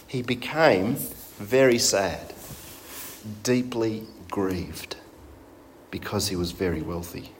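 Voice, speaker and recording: A man's voice: fairly low pitch, slow, pauses often, slight background noise. A man preaching a sermon in a conversational way, putting rhetorical questions to his congregation.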